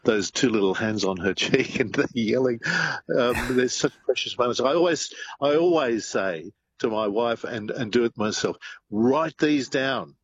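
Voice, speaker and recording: A man's voice: mid-range voice, animated, normal speed, lo-fi sound, a little hiss or hum. An older man co-hosting a talk radio show, reflective and thoughtful. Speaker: radio co-host. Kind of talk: talkback radio chat.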